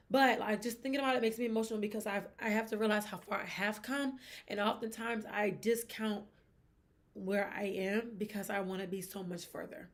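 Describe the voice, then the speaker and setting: A young woman hosting a sports podcast, talking in a chatty, expressive way with emphatic asides. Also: medium pitch, moderate pace. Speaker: podcast host. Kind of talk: casual sports gossip chat.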